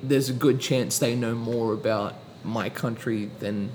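A young Australian man with a slight British lilt, chatting in a relaxed, rambling way full of fillers. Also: mid-range voice, measured pace, rough recording. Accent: Australian with British inflections. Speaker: podcast guest. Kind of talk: casual chat. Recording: audible background noise.

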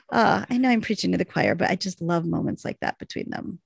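A woman's voice: lowish voice, lively intonation, normal speed, gravelly, husky, dry recording, studio quality. A woman co-hosting a podcast, recapping a TV episode in casual chat and eagerly acting out lines from the scenes. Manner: enthusiastic, acts out lines from scenes.

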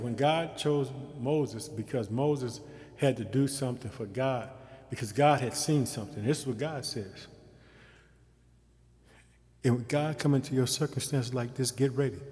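Fervent preacher man in a reverberant space. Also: medium pitch. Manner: fervent, rising to shouted pleas; speaks in short repeated phrases. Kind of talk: sermon.

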